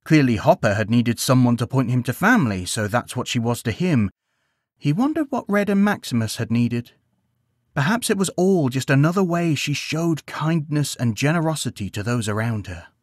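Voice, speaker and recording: Male storyteller, bedtime tale narration, lively intonation, dry close recording. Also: medium pitch, moderate pace, no room sound. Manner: gentle, expressive storytelling.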